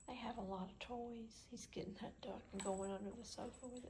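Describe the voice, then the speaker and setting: Woman vlogger at home, rambling chatty delivery with a gravelly edge, breaks into baby talk for her dogs. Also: mid-range voice, fairly even intonation, a little fast, few pauses, darkish tone. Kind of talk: casual home vlog. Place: indoors at home.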